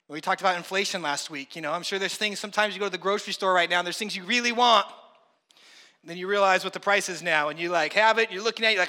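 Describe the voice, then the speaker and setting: A man's voice: high-pitched, fairly even intonation, quick pace, sharp tone. A man preaching a sermon, reading scripture and then talking it through in a conversational way, acting out everyday voices. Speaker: pastor. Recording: long hall reverb.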